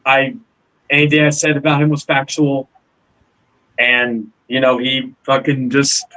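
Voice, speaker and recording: A man's voice: medium pitch, flat delivery, a little slow, bright, forceful tone, rough recording. A man hosting a livestream call, pressing pointed questions while stumbling over and repeating his words. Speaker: livestream host. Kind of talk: heated livestream call discussion.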